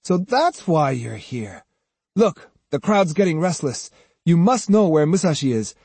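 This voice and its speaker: A man's voice: on the high side, big pitch swings, unhurried, creaky, darkish tone, slightly rough, no echo, pitched above the performer's own voice, exaggerated voice. A man voicing an arrogant, contemptuous male swordsman who questions people in a surly, condescending way. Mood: surly, probing.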